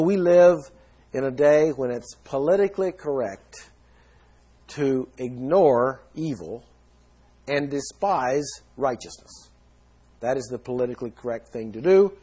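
A man's voice: medium pitch, lively intonation, measured pace, dark tone, husky. A man preaching a sermon in an earnest teaching tone, leaning hard on key words. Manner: earnest teaching tone, emphatic stresses.

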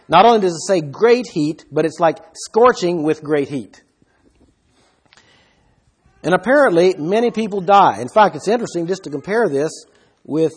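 A man with a slightly husky, somewhat higher voice gives a Bible study lecture. He explains the verses step by step and keeps putting rhetorical questions to his listeners. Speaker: Bible teacher.

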